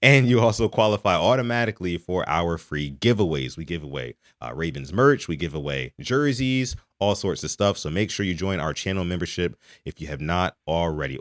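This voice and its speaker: A young man from Maryland hosting a live sports podcast, reading out donations and chatting with a lively, animated delivery. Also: sits low, brisk, no echo, clean studio sound. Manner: animated, reads donations aloud. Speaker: podcast host. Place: home in Texas.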